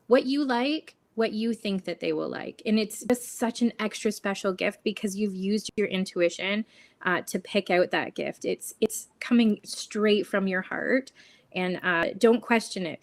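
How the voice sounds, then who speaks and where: Woman, shop owner, interview guest, earnest, encouraging, chatty, middle pitch. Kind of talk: casual interview chat.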